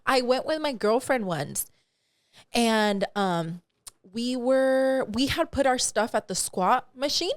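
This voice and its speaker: A woman co-hosting a casual podcast, her voice sitting a little high. She laughs often and swears freely, dropping Spanish words into her chat. The sound is close and dry. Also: lively intonation, slow pace, no room sound. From California. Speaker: podcast co-host.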